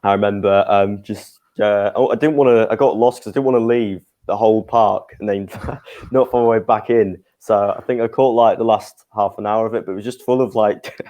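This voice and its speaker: A young man with a lowish voice, telling stories in a casual podcast chat. He talks easily and laughs his way through the anecdotes. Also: steady tone, normal speed, dark tone. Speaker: podcast co-host.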